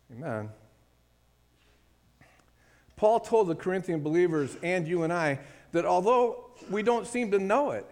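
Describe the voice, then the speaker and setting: Fairly high in pitch yet darkish in tone, a man's voice rings out in a sermon, forceful and calling for amen from the congregation. Long reverb fills the hall.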